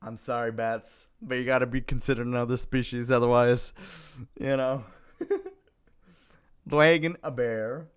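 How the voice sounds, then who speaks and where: A man streaming live, chatting casually with his viewers, reading their messages aloud and greeting them in a playful way, with lots of giggling and sudden bursts of excitement. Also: medium pitch, a little slow, long pauses, clean tone.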